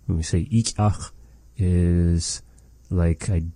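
Slow, deep-voiced man teaching. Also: steady tone, dark tone, dry recording. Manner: thoughtful, hesitant, searches for words. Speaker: language teacher. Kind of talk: explaining language lesson.

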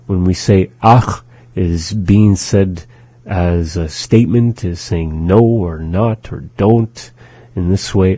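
A man hosting a radio language lesson, patiently repeating phrases slowly for learners. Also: deep voice, fairly even intonation, mellow, no echo. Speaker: language teacher on a radio show. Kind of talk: slow, repetitive language lesson.

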